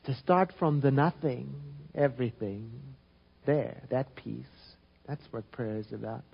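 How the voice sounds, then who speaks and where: A man giving an informal spiritual talk, reflective and gentle, often restarting and trailing off softly. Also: medium pitch, measured pace, creaky, breathy edge, highs cut off. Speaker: spiritual teacher.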